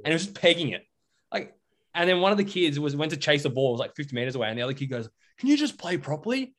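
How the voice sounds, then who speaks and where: A man's voice: a little high, fairly even intonation, rapid-fire, fairly bright tone. A young Australian man co-hosting a podcast in casual chat, rambling with lots of fillers. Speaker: podcast co-host.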